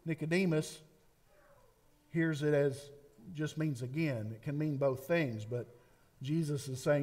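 A man preaching a sermon, emphatic and repetitive, with dramatic pauses. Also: a little high, darkish tone. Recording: long hall reverb.

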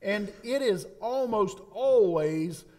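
A man preaching a sermon, emphatic and repetitive, with dramatic pauses. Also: sits high, lively intonation, darkish tone. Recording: long hall reverb.

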